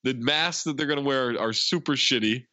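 Guy laughing thru a movie recap, bright lively voice, kinda dull muffled audio. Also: medium pitch, moderate pace, no room sound. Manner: animated, laughs often, acts out quotes. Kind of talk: casual movie recap chat.

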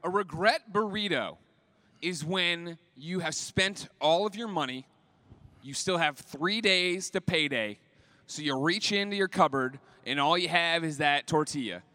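A man playing in an improv comedy show, telling a made-up tale step by step in a deadpan way. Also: on the high side, unhurried. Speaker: improv player. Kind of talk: improvised comic storytelling.

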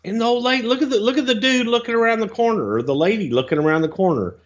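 Animated man in podcast banter. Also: high-pitched, racing, muffled recording. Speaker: podcast co-host. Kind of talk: casual podcast chat.

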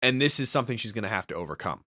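Lively, excitable podcast co-host man. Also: fairly low pitch, rapid-fire, no room sound, studio quality. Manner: excitable, swears freely, retells scenes. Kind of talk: casual recap chat.

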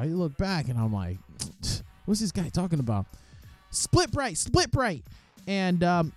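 A man with a slightly higher voice tells a story in a casual, animated way, acting out quoted voices and swearing freely. Faint music plays behind him. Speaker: amateur boxer telling his story.

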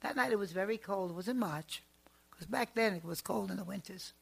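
A woman who works as a psychic, telling family stories in a chatty, animated and emphatic way. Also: medium pitch, a little fast, creaky, husky. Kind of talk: storytelling monologue.

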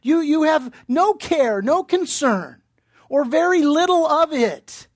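This pastor preaches a sermon in an extremely high, sing-song voice, taking it slowly. Earnest and direct, he puts pointed questions to his listeners and repeats himself, often restarting his words as he searches for them.

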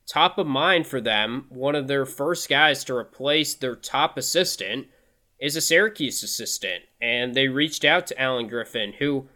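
Male sports podcast host, bright and punchy tone, casual and chatty. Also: mid-range voice, lively intonation, unhurried. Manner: conversational, upbeat, thinks aloud with restarts.

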